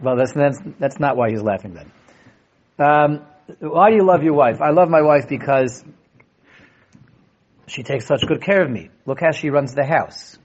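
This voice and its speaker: A young man teaching a lively Torah class, animated, often restarting his sentences and acting out quotes. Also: medium pitch, moderate pace, long pauses. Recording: dull lo-fi classroom recording.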